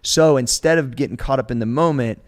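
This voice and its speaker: A man's voice: mid-range voice, fairly quick. A man in his forties, a strength coach, telling a story in casual podcast talk, acting out quotes and swearing freely. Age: 40s.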